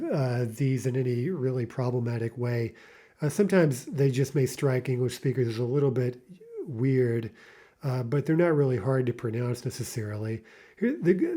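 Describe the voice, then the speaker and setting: A man with a mellow, warm voice gives a relaxed online pronunciation lesson. He talks through his points with fillers and restarts, and he says each example word twice, slowly. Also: mid-range voice. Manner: frequent fillers and self-corrections. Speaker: language teacher.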